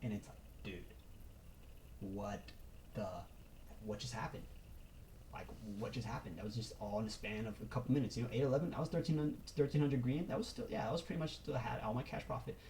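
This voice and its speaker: A young man talks straight to camera in a casual vlog, fast and animated, with slang and swearing. His voice is mellow and rather dark. A faint hiss of background noise sits under his voice. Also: mid-range voice, creaky, poor audio. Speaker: trader.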